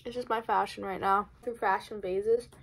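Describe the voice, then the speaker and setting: A young woman chatting casually through a clothing try-on haul, bubbly and rambling, talking fast. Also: mid-range voice, fairly even intonation, vocal fry, a little hiss or hum, rough recording. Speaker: fashion vlogger.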